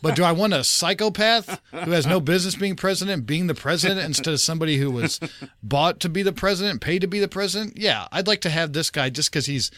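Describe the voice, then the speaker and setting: A man co-hosting a casual podcast chat, wry and opinionated, with a deadpan manner. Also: on the high side, fast, dry recording. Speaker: podcast co-host.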